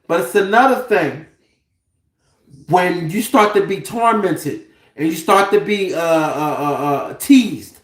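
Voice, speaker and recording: A man's voice: high voice, echoey room. A man delivering an impassioned, profane monologue, firing off rhetorical questions in a heated, preachy way.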